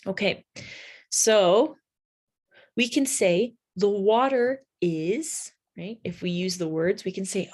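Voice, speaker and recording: A woman's voice: mid-range voice, takes it slowly, a little mellow. A woman teaching an English vocabulary lesson, patiently spelling words out letter by letter and checking in with "right?".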